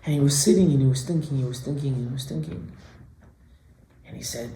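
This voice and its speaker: A male rabbi giving a sermon, telling a story and swinging between hushed lines and emphatic ones. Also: mid-range voice, fairly quick, pauses often, slight background noise. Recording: echoey room.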